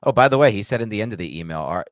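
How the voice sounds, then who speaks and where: A man with a very low voice co-hosts a loose, joking chat. He is animated and quick to laugh, and the sound is close and dry. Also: no room sound. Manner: jokey and animated, breaks into laughter. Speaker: podcast co-host. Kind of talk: casual chat.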